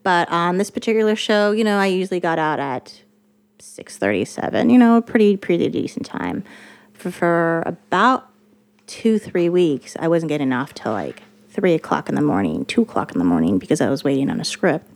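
A woman chats about her job in a loose, animated way. She swears freely and slips into quick voices for the people in her story. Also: on the low side, vocal fry. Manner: animated, profane, quotes others in lively voices. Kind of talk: casual storytelling chat.

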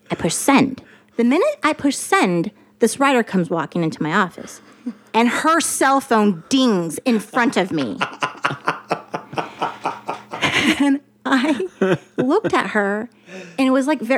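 A woman chats about her job in a loose, animated way. She swears freely and slips into quick voices for the people in her story. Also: fairly high pitch. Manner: animated, profane, quotes others in lively voices. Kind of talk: casual storytelling chat.

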